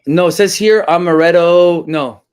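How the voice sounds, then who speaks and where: A man with a fairly high voice coaches real estate agents on cold calling. He talks in an energetic, casual way and keeps addressing his viewers as guys. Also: normal speed, clean tone. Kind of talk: live-streamed cold-call coaching.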